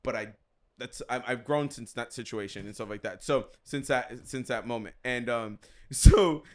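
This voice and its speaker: A man's voice: mid-range voice, moderate pace. A man co-hosting a podcast, telling a story in casual chat, acting out what others said and often laughing. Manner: animated, acts out quotes, frequent laughter. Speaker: podcast co-host.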